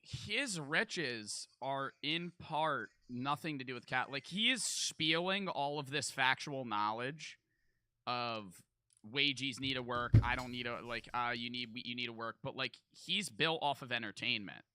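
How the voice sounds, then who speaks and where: A man's voice: mid-range voice, a little slow, pushed and bright, smooth, no echo. A man streaming live, reacting to a video with casual, profane, argumentative commentary full of filler words.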